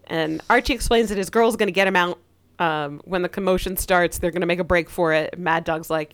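A woman's voice: fairly low pitch, steady tone, brisk, clean tone. A woman co-hosting a podcast, casually recapping episode plots and briefly acting out the characters' quotes. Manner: narrates plot, acts out quotes.

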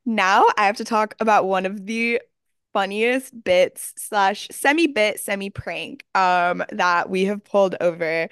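A woman in her twenties co-hosting a podcast, telling a story in an animated way with fillers and laughs. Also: mid-range voice, a little slow, clear, resonant tone, no room sound, studio quality. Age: 20s. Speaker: podcast co-host. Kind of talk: casual chat.

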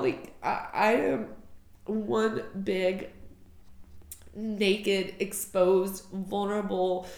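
Female podcast host, gravelly, emotional and rambling storyteller, roomy sound. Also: medium pitch, takes it slowly, a little mellow. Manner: emotional, rambling, heavy use of filler "like". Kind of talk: personal storytelling monologue.

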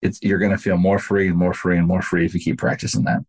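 A man's voice: deep voice, little pitch movement, quick pace, darkish tone. A man, a pastor and podcast guest, telling a story in casual conversation and speaking earnestly and directly to the listener.

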